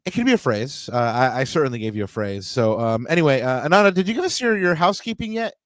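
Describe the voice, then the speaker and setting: A man's voice: mid-range voice, sing-song, fast, no echo. Rambling male soccer podcast host. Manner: rambling, many fillers and restarts. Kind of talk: casual sports podcast chat.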